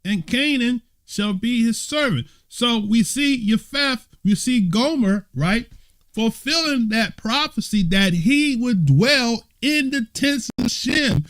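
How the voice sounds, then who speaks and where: A man's voice: extremely high pitch, lively intonation, takes it slowly, a bit bright. A man, an elder of a congregation, teaching a bible study in a conversational way, reading passages aloud and asking his listeners questions. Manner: laughing fits, struggling to keep composure; conversational, asks the audience questions.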